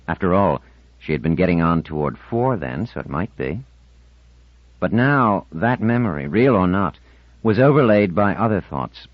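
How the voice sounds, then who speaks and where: A man narrating an audiobook in expressive storytelling fashion, close to the mic. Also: low-pitched, no echo. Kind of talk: scripted narration. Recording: dull lo-fi audiobook recording.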